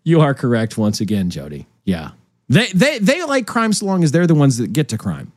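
A man co-hosting a casual political chat, talking in an animated, mocking way and often breaking into laughs. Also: medium pitch, normal speed, dry recording. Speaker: podcast co-host.

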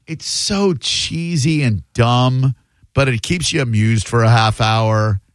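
A man's voice: medium pitch, slow, clean tone, no room sound, clean studio sound. A man hosting a podcast, chatting casually and joking sarcastically. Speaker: podcast host. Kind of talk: casual chat.

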